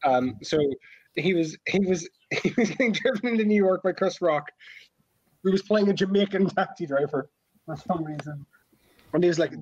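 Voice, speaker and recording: Higher-voiced young man, rambling podcast chat. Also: normal speed, a little mellow, no room sound. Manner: rambling, laughing, swearing freely. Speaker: podcast co-host. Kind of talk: casual group chat. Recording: dull lo-fi mic.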